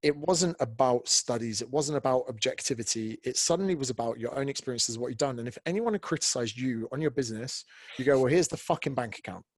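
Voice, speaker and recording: A man hosting a casual podcast chat, blunt and animated, swearing freely as he talks about his work. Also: medium pitch, fast, no room sound. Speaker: podcast host, fitness coach and author.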